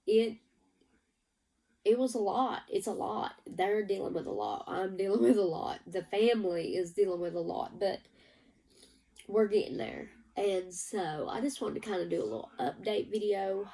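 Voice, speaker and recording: A woman's voice: mid-range voice, unhurried, dark tone, recorded from a distance, rough recording. A woman giving a rambling, emotional personal update to her viewers. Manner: emotional, rambling, teary at times. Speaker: vlogger.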